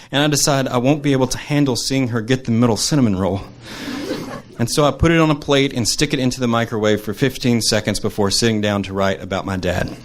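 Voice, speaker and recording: A man reading his personal essay aloud to a live audience, earnest and measured. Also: mid-range voice. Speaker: storyteller.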